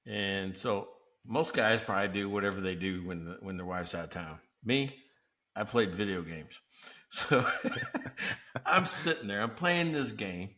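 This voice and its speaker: A man's voice: lowish voice, a little slow, bright, forceful tone. A man hosting a casual business podcast, telling stories animatedly and laughing often. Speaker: podcast host. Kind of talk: casual chat.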